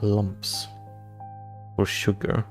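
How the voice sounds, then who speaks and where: A man's voice: fairly low pitch, completely flat delivery, very slow. A young man, hosting a casual livestream and reading chat aloud, rambling with repeated words and restarts. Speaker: livestream host. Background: faint background music.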